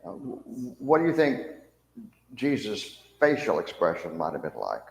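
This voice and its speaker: A man's voice: fairly low pitch, normal speed, creaky. Man teaching a church Bible class. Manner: animated, acts out mocking soldiers' voices, asks the class questions. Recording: echoey room with long reverb.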